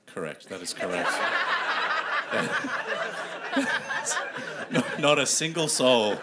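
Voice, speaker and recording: Lively comedian hosting a live show. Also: male voice, on the high side, drawn-out words, pauses often. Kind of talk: stand-up comedy. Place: comedy club stage before a live audience. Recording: live room with audience noise.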